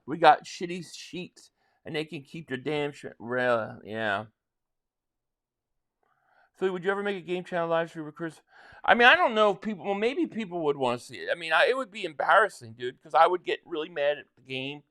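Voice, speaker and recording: A man from South Jersey, near Philadelphia, hosting a casual live stream. His voice sits fairly high for a man. He rambles through viewer comments in loose, chatty talk and often restarts his sentences. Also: lively intonation, a little fast, bright, forceful tone.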